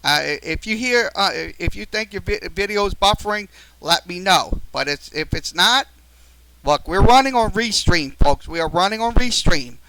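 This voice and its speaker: A high-pitched man with a gravelly edge hosts a live-streamed sports talk show into a studio mic. He rambles through fillers and restarts, and his tone turns tense and sharp as a viewer frustrates him. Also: expressive, normal speed, slight background noise, low-quality recording. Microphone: studio mic through a mixer.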